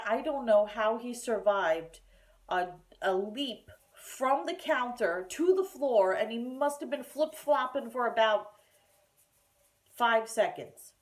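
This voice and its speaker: A woman's voice: fairly high pitch, slow pace. Chatty woman telling a home story. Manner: chatty, animated storytelling with fillers and restarts. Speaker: vlogger. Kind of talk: casual storytime vlog. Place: at home by a kitchen counter.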